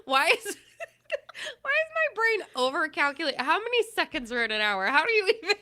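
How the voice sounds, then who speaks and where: A woman's voice: very high voice, big pitch swings, fairly quick, sharp tone. A woman co-hosting a podcast, reacting with exclamations and frequent laughter in casual chat. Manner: giggly, reacts with big exclamations. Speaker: podcast co-host.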